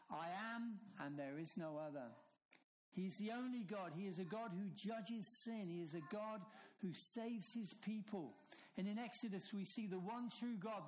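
A man preaching a sermon, emphatic, slowing down and dropping low on key phrases. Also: a little hiss or hum, low-quality recording.

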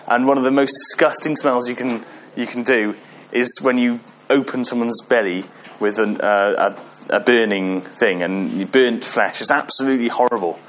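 A man's voice: medium pitch, steady tone, moderate pace, hardly any pauses, fairly bright tone. A man giving an informal sermon, often asking the congregation questions and joking with them. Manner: chatty, asks the audience questions, self-deprecating humor. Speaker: preacher.

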